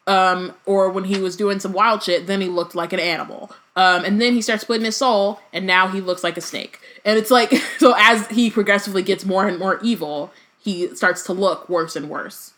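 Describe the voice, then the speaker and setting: A woman's voice: medium pitch, moderate pace, a bit bright. A woman co-hosting a podcast, chatting casually about a book, swearing freely and reading passages aloud. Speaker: podcast co-host.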